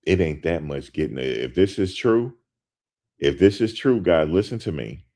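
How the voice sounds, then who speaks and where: A man's voice: deep voice, expressive, moderate pace, a little mellow. A man hosting a show, talking casually and emphatically to his viewers, repeating his points with lots of slang. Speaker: host.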